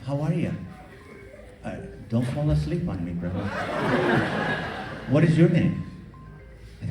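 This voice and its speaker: A man doing stand-up comedy, teasing the audience in an animated way, recorded live from the crowd. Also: medium pitch, a little slow, long pauses, far from the mic, noisy background. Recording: echoey hall taped from the audience. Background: audience laughter.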